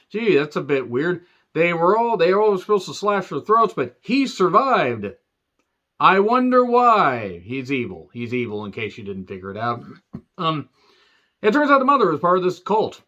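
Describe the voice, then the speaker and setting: A man's voice: a little high, a bit bright, highs cut off. A man giving a sarcastic, rambling movie review rant full of asides.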